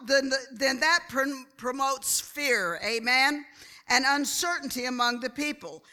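Slow, bright-voiced woman preaching. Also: high voice. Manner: slow, deliberate delivery, calls for amens. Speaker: church speaker. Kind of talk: sermon.

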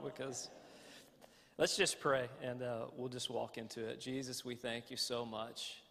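A man's voice: medium pitch, level tone, moderate pace, gravelly, fairly bright tone. A man with a Southern American accent, a guest pastor opening a sermon in a folksy, self-joking way. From United States. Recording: long church hall reverb.

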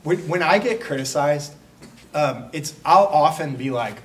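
A pastor preaching a conversational sermon, breaking into quick acted asides. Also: male voice, on the high side, expressive, distant mic, a little hiss or hum.

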